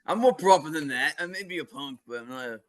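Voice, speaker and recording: A man guest chatting casually on a video call, rambling with halting restarts. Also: fairly high pitch, animated. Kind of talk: casual chat.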